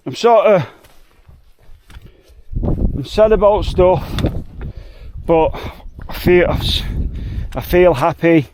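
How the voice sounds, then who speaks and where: A man in his forties speaks slowly and reflectively with a slightly raised voice. He sounds heartfelt and chatty as he talks to the camera outdoors. Clear wind and outdoor noise sit behind him. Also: high voice, expressive, darkish tone. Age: 40s. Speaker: hiking vlogger. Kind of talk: emotional hiking vlog. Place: outdoors in mountains by a lake.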